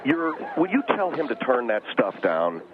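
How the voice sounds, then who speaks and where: A male radio host calling in to his own show, speaking in a hesitant, halting way. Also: mid-range voice, big pitch swings. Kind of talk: comedic radio call. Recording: dull phone line with background noise.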